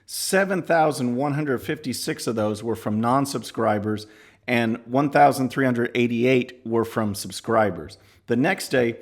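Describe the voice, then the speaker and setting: A man hosting a political commentary show, talking casually with scornful asides. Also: medium pitch. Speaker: podcast host.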